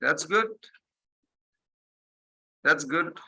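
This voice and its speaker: A man's voice: fairly high pitch, expressive, very slow, pushed and bright, low-quality recording. A man giving a devotional sermon, telling stories animatedly, repeating his phrases and acting out the quotes. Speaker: spiritual teacher.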